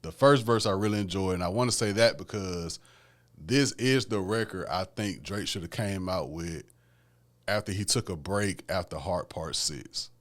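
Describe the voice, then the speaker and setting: A man with a low, slightly bright voice speaks at a normal pace. He hosts a solo podcast about music, chatting in a relaxed, conversational way and often throwing in "man" and "you know what I'm saying."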